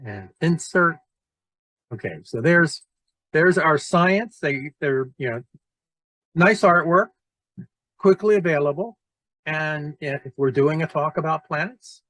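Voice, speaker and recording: A man walking teachers through presentation software in a screen-recorded tutorial, talking loosely and thinking aloud as he clicks. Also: medium pitch, dry recording, poor audio. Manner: relaxed, thinking aloud with fillers and restarts. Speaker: teacher trainer.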